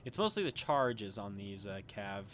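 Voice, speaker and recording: Man casting a strategy battle, somewhat low voice. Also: normal speed, a little hiss or hum. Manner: relaxed and rambling, with frequent filler and self-corrections. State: slightly under the weather, occasional coughing. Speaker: game commentator. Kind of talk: casual gameplay commentary.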